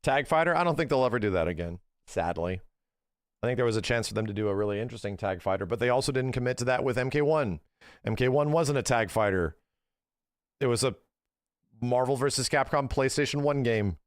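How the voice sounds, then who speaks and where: A man's voice: medium pitch, brisk, no echo. A man in his thirties streaming, talking casually and ranting with lots of swearing into a close mic. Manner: animated, profane ranting. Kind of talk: casual livestream commentary.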